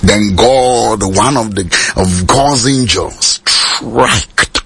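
A man preaching a sermon, mixing Twi and English and rising to high shouted peaks. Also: slow, breathy edge.

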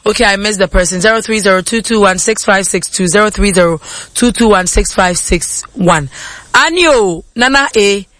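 A woman's voice: mid-range voice, normal speed, fairly bright tone, slight background noise. A woman with a Ghanaian accent hosting a call-in radio show, animatedly giving advice and mixing English with Twi.

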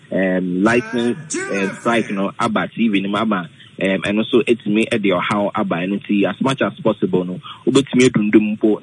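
A man explaining weather safety on the radio, halting, with many fillers, mixing English and Twi. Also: lowish voice, slight background noise, low-quality recording. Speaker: weather forecaster guest.

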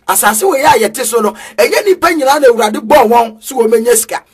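A man with a Ghanaian accent preaching a sermon in a sing-song cadence with sudden shouts. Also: extremely high pitch, fairly quick, husky.

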